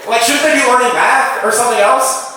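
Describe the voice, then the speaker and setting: A young man performing a stand-up comedy set, riffing with the crowd in an animated way. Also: very high voice, a little fast, background noise. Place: comedy venue with a live audience. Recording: echoey room, mic heard from a distance.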